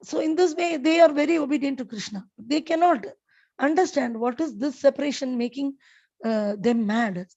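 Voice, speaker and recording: A woman's voice: sits high, normal speed, a little mellow, muffled recording. A woman giving a devotional scripture class, telling stories with many fillers and restarts. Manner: storytelling with frequent fillers and restarts.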